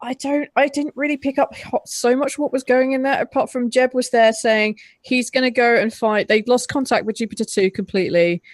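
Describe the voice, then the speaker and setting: Woman on a movie podcast, kinda high voice, giggles a lot, fast little bursts, dry close sound. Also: fairly even intonation, no echo. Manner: laughs often, talks in quick bursts. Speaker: podcast co-host. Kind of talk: casual movie review chat.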